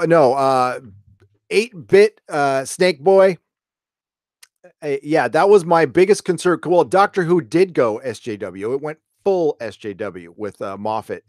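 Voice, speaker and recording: A man's voice: medium pitch, no echo, studio quality. A middle-aged man hosting a casual live show, talking in a rambling, blunt way and swearing freely. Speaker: host.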